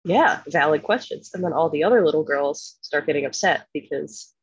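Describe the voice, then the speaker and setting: A woman from Philadelphia telling a profane, animated story in casual podcast chat, laughing often. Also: low voice, fairly quick, breathy edge, no echo, highs cut off. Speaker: podcast co-host.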